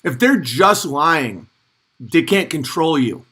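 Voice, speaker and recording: Fired-up male commentator, forceful and a bit high, preachy rant. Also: lively intonation, slow pace, husky. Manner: intense, preachy, worked up. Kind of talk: ranting commentary.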